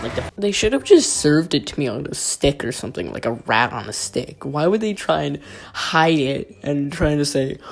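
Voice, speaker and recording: A man's voice: fairly high pitch, noisy background. A young man vlogger telling a crude, exaggerated comic rant. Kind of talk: comedic rant vlog.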